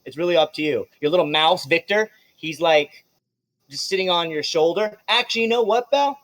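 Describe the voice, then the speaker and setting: A man's voice: fairly high pitch, fairly quick, fairly bright tone, no echo. A man narrating as game master of a tabletop game, playful, laughing often and swearing casually.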